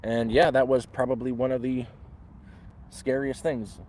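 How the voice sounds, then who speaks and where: A man's voice: medium pitch, level tone, unhurried, a little mellow. Man rambling through a story outdoors. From Canada. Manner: rambling, restarts often, acts out voices in quotes. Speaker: livestreamer. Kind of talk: casual live storytelling. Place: outdoors in the woods.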